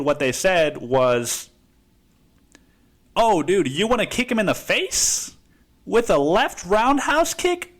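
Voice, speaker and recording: A man's voice: mid-range voice, a bit bright. A man from Mexico, hosting a podcast and telling a story in a casual, profane way, saying "dude" constantly. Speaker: podcast host.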